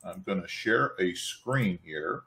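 A man with a somewhat low voice hosts a casual webcast. He jokes, rambles and restarts his sentences. He speaks over a video call. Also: lively intonation, slow pace, sharp tone. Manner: joking, rambling, with restarts and laughter. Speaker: webcast host. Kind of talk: casual company webcast chat.

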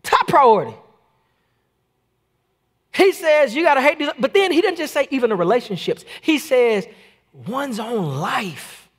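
High-pitched guy preaching, chatty and animated, repeats himself a lot. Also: measured pace, long pauses. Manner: animated, conversational preaching with repetitions. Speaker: pastor. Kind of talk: sermon. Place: church, streamed online.

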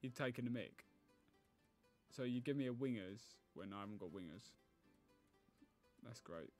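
A man's voice: medium pitch, lively intonation, normal speed, darkish tone, soft background music. A man giving live gameplay commentary as a gaming YouTuber. He thinks aloud, groans and pleads at the game.

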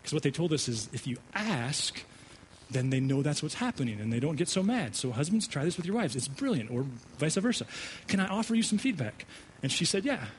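A male pastor preaching a sermon, telling a personal story with animated delivery and frequent stammered restarts. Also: fairly high pitch, a little fast, a little hiss or hum, poor audio. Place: church sanctuary.

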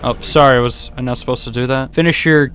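A man's voice: mid-range voice, steady tone, quick pace, fairly bright tone, a little hiss or hum. Give me a young man doing sarcastic let's-play commentary with a medium voice. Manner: sarcastic, swears, jokes at the game. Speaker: gaming YouTuber.

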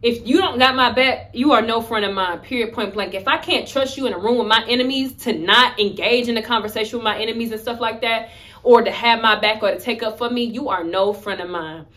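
A woman's voice: a little high, fairly quick, fairly bright tone. A young woman vlogger telling a personal story in a candid, emphatic, conversational way. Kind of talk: story-time vlog.

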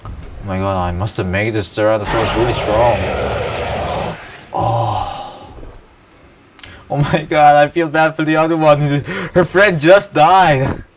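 A man giving casual let's play commentary on a park-building game, chatty and excitable, talking to the dinosaurs and laughing often. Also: medium pitch, unhurried, pauses often, background noise. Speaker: gameplay YouTuber.

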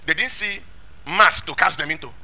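A man preaching a sermon, emphatic, asking rhetorical questions and shouting lines of scripture. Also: on the high side, normal speed, a little hiss or hum.

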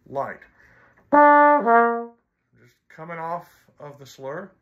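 A man's voice: mid-range voice, normal speed, gravelly, sharp tone, faint music behind. A man teaching trombone in an instructional video, blunt and teasing, counting and singing rhythms aloud.

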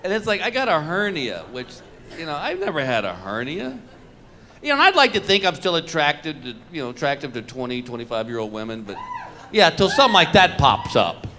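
A middle-aged man telling self-mocking stories in a live stand-up set, acting out his own reactions with animated delivery. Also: on the high side, fairly quick. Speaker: stand-up comedian. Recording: noisy live comedy recording.

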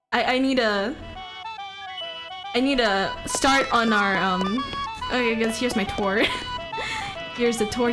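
A high-pitched woman chats her way through a live game stream, giggly and playful, often breaking into excited yelps. Upbeat game music plays clearly underneath her voice.

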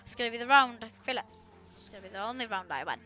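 A woman chatting through a video game, excitable and often bursting into startled screams as she talks to herself and the other players. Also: on the high side, racing, faint music behind. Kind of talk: casual gameplay commentary.

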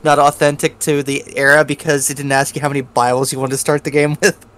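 A man's voice: fairly high pitch, flat delivery, fast talker, a bit bright. A man co-hosting a let's play, chatting with dry, teasing corrections. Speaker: co-host. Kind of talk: casual gameplay commentary.

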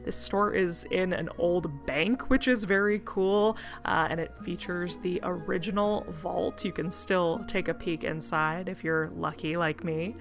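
A woman of about thirty with a slightly low voice, reading a scripted travel vlog voice-over. She gushes with upbeat enthusiasm. Faint music plays underneath her narration. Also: a little slow, gravelly, few pauses. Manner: upbeat and gushing. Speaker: travel vlogger.

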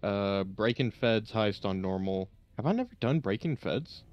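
A man's voice: fairly low pitch, animated, normal speed, dull audio. A man playing a game with friends, chatting casually and teasing them. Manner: teasing, joking. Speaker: guest gamer. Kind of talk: casual gaming chat.

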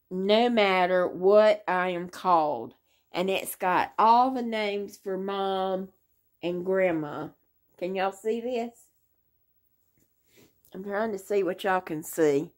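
An older woman who vlogs about crochet chats casually to her viewers from a hospital bed in her living room. Her mid-range voice is a little mellow, and she rambles in a sleepy way.

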